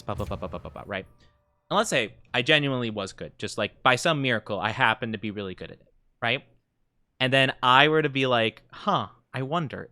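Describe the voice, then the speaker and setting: A man's voice: medium pitch, sharp tone, smooth. A young man streaming a game, chatting casually and rambling, full of fillers and self-deprecating restarts. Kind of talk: casual gaming stream chat.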